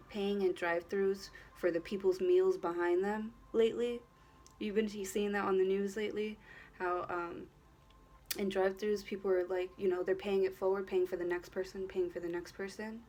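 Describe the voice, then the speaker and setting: A woman with a medium-pitched voice gives a casual tarot reading, speaking straight to the viewer. She rambles and circles back on her words, leaning on fillers and the odd swear word. Her tone stays earnest and encouraging throughout. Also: a little mellow. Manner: rambling, repeats herself, leans on "you know", swears freely. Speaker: tarot reader.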